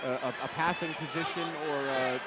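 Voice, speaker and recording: Male fight commentator, high pitch, halting with lots of uhs, loud crowd and noise behind. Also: fairly even intonation. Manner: halting, fills with many uhs. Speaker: play-by-play commentator and cage interviewer.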